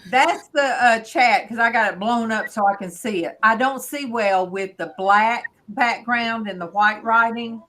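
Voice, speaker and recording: A woman chatting casually with friends on a video call, animated and quick to laugh. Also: a little high. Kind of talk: casual group video chat.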